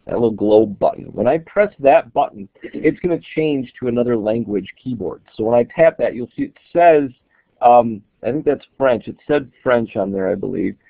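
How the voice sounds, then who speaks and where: A man's voice: medium pitch, expressive, moderate pace, vocal fry, dry recording. A man giving a casual, explanatory walkthrough of an app in a screen-recorded tutorial, thinking aloud as he demonstrates. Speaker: app reviewer. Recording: tinny, dry, phone-like audio.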